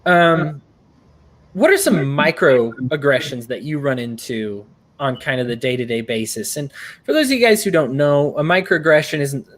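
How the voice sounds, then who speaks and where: A man's voice: fairly high pitch, lively intonation, normal speed, a bit bright. A man hosting an interview, earnest and rambling, with frequent restarts. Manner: earnest, rambling, often acts out quotes. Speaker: host.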